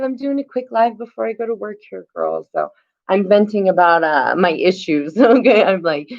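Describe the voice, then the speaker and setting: A woman's voice: medium pitch, lively intonation, normal speed, creaky, darkish tone. A middle-aged woman venting casually on her live stream, rambling and swearing, often asking "you know what I mean". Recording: dull lo-fi phone audio.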